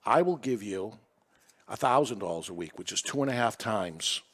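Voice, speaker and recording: A Massachusetts business owner in his sixties tells a story on a podcast in a lowish voice at normal speed. His casual storytelling is animated, and he acts out the dialogue.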